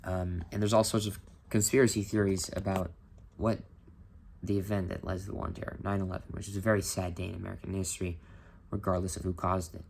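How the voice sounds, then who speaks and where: A man's voice: sits low, little pitch movement, fast, creaky, a little mellow, slight background noise. A man casually explaining history as a vlogger, informal and opinionated, with many filler ums.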